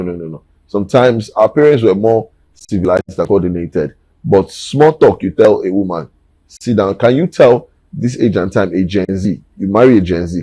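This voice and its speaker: A man's voice: fairly low pitch, warm tone, breathy edge, no room sound, low-quality recording. A man, giving an emphatic, preachy opinion monologue and repeating words for emphasis. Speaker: commentator.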